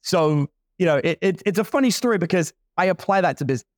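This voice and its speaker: Man in his forties, guest entrepreneur, lively storyteller, slightly high voice, dry close sound. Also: quick pace, dry recording. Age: 40s. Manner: animated storyteller acting out other people's lines. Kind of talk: casual storytelling.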